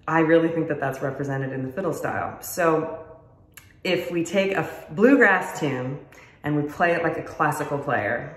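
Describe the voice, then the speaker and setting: A woman's voice: sits low, normal speed. Friendly woman teaching fiddle in a roomy space. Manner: friendly, explanatory, self-deprecating. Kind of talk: casual instructional talk to camera. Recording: roomy echo.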